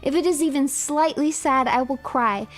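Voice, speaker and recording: A young adult woman streamer chatting casually with her viewers, telling a story in an animated, emphatic way with lots of repetition. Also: sits high, moderate pace, faint music behind.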